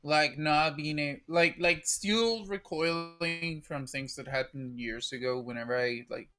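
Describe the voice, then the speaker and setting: A woman in her thirties in casual chat, hosting, talking in a halting, hesitant way full of fillers. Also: sits low, fairly bright tone. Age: 30s. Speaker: host.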